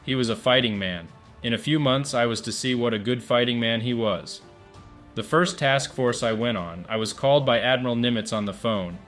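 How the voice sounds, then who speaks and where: A man's voice: mid-range voice, moderate pace, fairly bright tone, faint music behind. A middle-aged man giving a plain, matter-of-fact spoken recollection of his wartime service, rambling a little and restarting his sentences. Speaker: wartime filmmaker giving a firsthand account.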